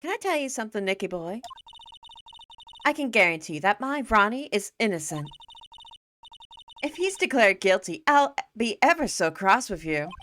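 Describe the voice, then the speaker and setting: A woman's voice: mid-range voice, very animated, moderate pace, pauses often, fairly bright tone, a little hiss or hum, pitched above the performer's own voice. A woman voicing a doting, flirty wife with a French flair, in a gushing, sing-song manner.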